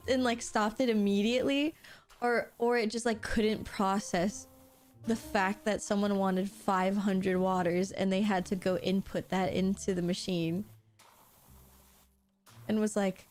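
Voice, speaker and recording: A woman streaming while she plays a game, telling stories in a giggly, animated way, laughing often and swearing casually. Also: medium pitch, slow pace, pauses often. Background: faint background music.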